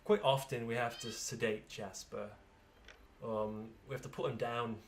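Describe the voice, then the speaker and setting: A man on cat hotel staff, speaking earnestly and haltingly in a mock-dramatic mockumentary interview. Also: mid-range voice, fairly even intonation.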